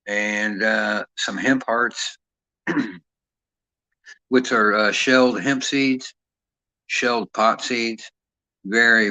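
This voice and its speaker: A man's voice: on the low side, sharp tone, no echo. A man hosting a boxing channel who talks in a profane, rambling, boastful way. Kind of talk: casual rambling chat. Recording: dull lo-fi sound.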